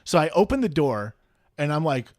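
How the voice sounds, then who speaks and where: A man co-hosting a podcast, telling a story in casual chat, animated and laughing, acting out quotes with plenty of swearing. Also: a little high, normal speed. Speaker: podcast co-host.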